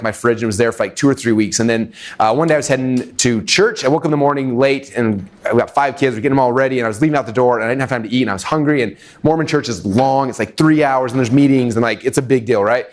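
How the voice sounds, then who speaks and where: Fast-talking animated male storyteller. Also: medium pitch. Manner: animated, acts out quoted voices, many fillers. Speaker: webinar speaker. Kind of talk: energetic storytelling talk.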